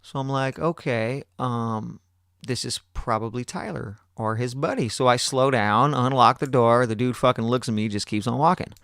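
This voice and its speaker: A man's voice: mid-range voice, normal speed, clean tone, dry recording, studio quality. A man hosting a podcast, telling a long story casually, swearing a lot and acting out other people's lines. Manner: profane, animated, acts out other people's lines. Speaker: podcast host.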